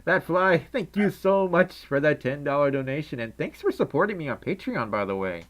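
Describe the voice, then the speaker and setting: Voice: mid-range voice, animated, normal speed. A young adult livestreamer chatting casually with viewers in a put-on Southern drawl, rambling and laughing often. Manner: giggly, rambling, frequent laughs. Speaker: livestreamer reading chat. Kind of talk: casual live stream chat.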